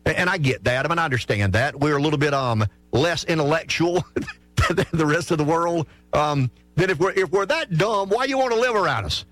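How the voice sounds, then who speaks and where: A middle-aged Southern radio talk show host from South Carolina delivers an opinionated monologue on his call-in show, frank and folksy, often restarting sentences. His voice is on the high side, animated, a little fast and fairly bright. It's recorded on a studio microphone with no echo and soft music in the background.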